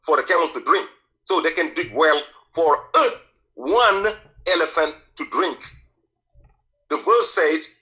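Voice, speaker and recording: A man calling in to a heated debate, insisting on finishing his points and telling the host to be quiet. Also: on the high side, poor audio. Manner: insistent, combative, demands to finish. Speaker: caller.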